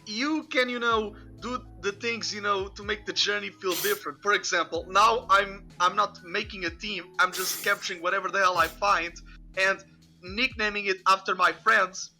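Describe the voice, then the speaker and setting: A man's voice: high-pitched, fairly even intonation, moderate pace, pushed and bright. A man hosting a podcast, rambling casually with lots of "you know". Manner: rambling, many fillers and restarts. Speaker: podcast host. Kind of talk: casual chat. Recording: faint music behind.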